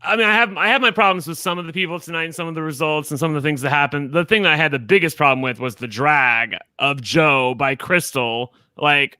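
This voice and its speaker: Sarcastic, opinionated man, bright and sharp, dry close sound. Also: fairly high pitch, a little fast, few pauses, clear, resonant tone, no room sound. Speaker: podcast guest commentator. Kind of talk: casual chat.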